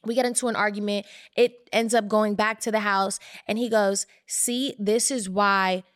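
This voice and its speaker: In a clean, dry studio recording, a young woman co-host shares a personal story at a brisk clip during casual podcast chat. She brings it to life by voicing the quotes in higher tones.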